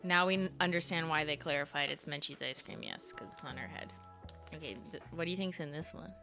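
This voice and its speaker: Thirties woman from Canada, YouTuber host, lower voice, casual and giggly, faint background music. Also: fairly quick, vocal fry, bright, forceful tone. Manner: chatty, reads letters aloud, laughs often, swears casually. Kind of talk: casual livestream reading fan mail.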